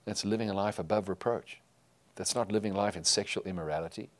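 A man preaching a sermon to his congregation, emphatic, rising loud and falling quiet. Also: lowish voice, fast. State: tearful while reading scripture. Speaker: pastor.

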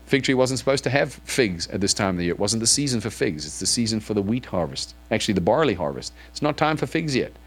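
A man preaching to his congregation in church, reading scripture aloud and then asking it probing questions. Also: fairly low pitch. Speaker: pastor. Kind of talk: sermon.

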